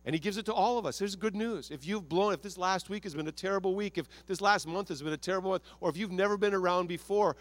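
A man preaching a sermon as pastor of a church, animated and acting out prayers and quotes in his own voice. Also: high voice, fast, few pauses.

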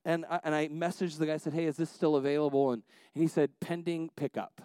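Speaking quickly and smoothly in a fairly high voice, the pastor keeps his intonation fairly even, with no room sound. His sermon weaves family stories with frequent restarts, drifting between gentle asides and swelling exhortations.

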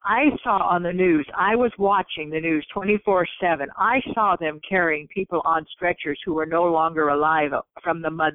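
A woman's voice: on the low side, dry recording. A woman recounts her story in an earnest, storytelling way, slipping into the voices of the people she quotes. She is heard over a tinny phone line with a dry, close sound. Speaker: guest. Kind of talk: storytelling in conversation.

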